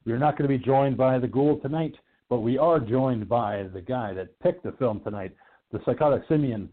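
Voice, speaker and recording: A man's voice: mid-range voice, normal speed. A man hosting an online horror talk show, joking and swearing in casual banter. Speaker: podcast host. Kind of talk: casual chat. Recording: tinny phone-like online radio.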